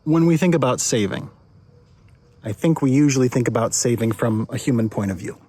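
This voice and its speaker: A man, a pastor, giving a short devotional talk in a relaxed, conversational way, often restarting and repeating words. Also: medium pitch, fairly quick, no room sound. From United States.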